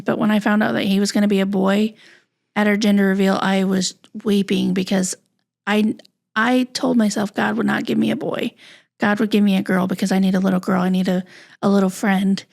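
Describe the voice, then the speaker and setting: A woman guest on a podcast, telling a personal story in a halting, candid, soft-spoken way. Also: mid-range voice, gravelly.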